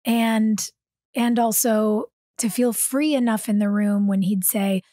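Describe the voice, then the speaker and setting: A young adult woman, an actress guest, telling a story in a casual interview with animated, quick delivery. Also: a little high, no echo, clean studio sound.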